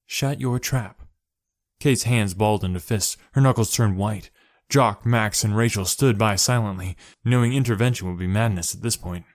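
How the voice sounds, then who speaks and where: A man reading a story aloud in steady narration, doing the characters' voices. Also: on the low side, moderate pace, no room sound, studio quality. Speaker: story reader.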